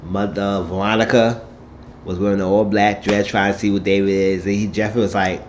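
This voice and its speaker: Man, low voice, rambling episode recap, acts out the lines, dull lo-fi sound, faint room hum. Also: level tone, fairly quick. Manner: rambling storytelling that mimics the characters' lines. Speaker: show recap vlogger.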